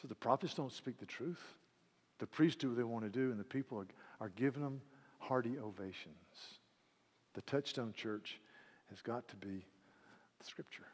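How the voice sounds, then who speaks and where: A man preaching a sermon with passion, swinging from hushed to loud and repeating words as he builds emphasis. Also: medium pitch, normal speed. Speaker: pastor. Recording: reverberant hall.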